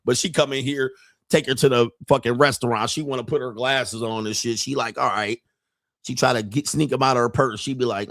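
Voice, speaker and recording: A man's voice: mid-range voice, brisk, fairly bright tone, no echo, clean studio sound. A man hosting a show, delivering a crude comedic rant in a boastful, profane, mocking way. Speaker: show host.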